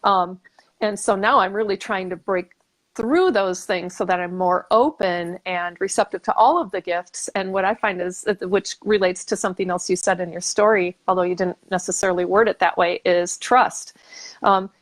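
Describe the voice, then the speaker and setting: A woman's voice: medium pitch, fairly even intonation, moderate pace. A woman hosting a casual talk show, speaking reflectively and thinking aloud with many fillers and restarts. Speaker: podcast host. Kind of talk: casual conversation.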